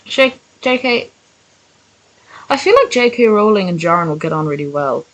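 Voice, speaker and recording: A woman's voice: medium pitch, lively intonation, normal speed, low-quality recording. A young woman streaming, reading a story aloud and breaking off into sarcastic, swearing asides to her chat. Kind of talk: live-stream reading and commentary.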